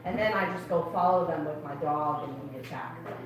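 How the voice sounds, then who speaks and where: A woman's voice: sits low, heavy reverb, far from the mic, a crowd in the background, rough recording. Chatty young woman doing stand-up. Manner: chatty, confiding, quick asides. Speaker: comedian at an open mic. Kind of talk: stand-up comedy. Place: comedy club stage.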